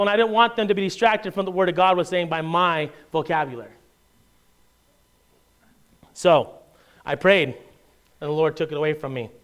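A high-pitched male pastor delivers a sermon in a lively, joking, conversational style, asking many rhetorical questions. When he reads scripture aloud, his tone turns measured.

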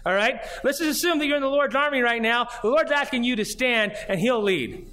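A man's voice: very high voice, animated, a little fast, bright, forceful tone. A man, a pastor, preaching a sermon in an earnest way, reading scripture aloud and pressing his points with repeated questions. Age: adult, grew up and did junior high marching band.

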